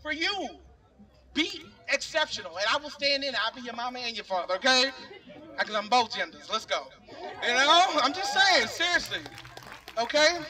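Heard from afar, a middle-aged man speaks passionately at an outdoor rally, talking straight to the crowd with an earnest, casual "y'all." His voice is very high and animated, moving at a moderate pace.

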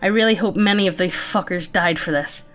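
A woman's voice: on the low side, a little fast, a bit bright, soft background music. Casual woman reading a story aloud. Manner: matter-of-fact, casual reading with frequent laughter. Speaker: story narrator.

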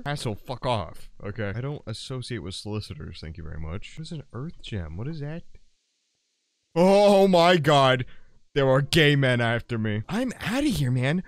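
A young man talks over his gameplay in a crude, joking running commentary, his fairly low voice swinging widely in pitch. He breaks into sudden loud outbursts and then drops back to mumbled asides. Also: no echo. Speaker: gaming YouTuber.

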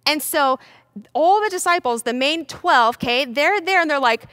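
A young woman teaching a children's Bible lesson, playful and animated, talking straight to the kids. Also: high voice, moderate pace, dry recording, studio quality.

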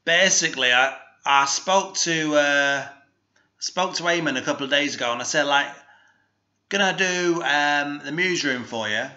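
A man with a put-on Northern English accent hosts a halting, rambling comic monologue, his somewhat high voice very bright and sharp. He stumbles through fillers and restarts with a deadpan, mock-serious air. The sound is a slightly dull, lo-fi home recording. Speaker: comic DJ host.

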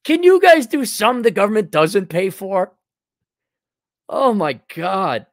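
A man's voice: sits high, big pitch swings, measured pace, dry recording, studio quality. A male host reading a viewer's letter aloud and answering it with blunt, mocking sarcasm.

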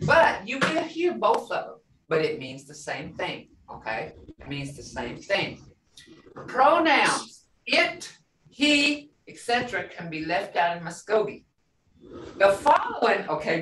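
A woman's voice: mid-range voice, fairly bright tone, recorded from a distance, slight background noise. A woman teaching a language class, explaining patiently and repeating words with frequent checks of "okay?". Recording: roomy, off-mic classroom sound.

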